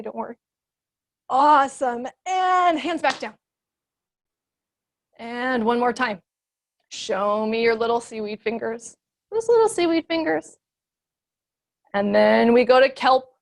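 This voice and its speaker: A young adult woman leading a kids yoga class, giving playful, encouraging sing-song cues. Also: sits high.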